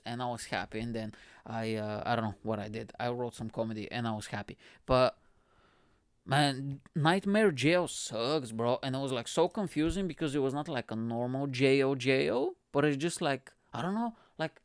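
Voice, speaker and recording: A man's voice: medium pitch, lively intonation, moderate pace, clean tone, dry recording. Young male comedian from Bulgaria, podcast host, rambling slangy storyteller; clean, resonant voice, close and dry. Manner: loose, slangy, says "bro" and "like" a lot. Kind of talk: casual storytelling monologue.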